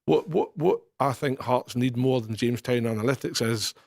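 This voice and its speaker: A man's voice: mid-range voice, normal speed, gravelly, darkish tone, no echo, clean studio sound. A man with a Scottish accent giving assured football opinions as a radio pundit. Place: radio studio.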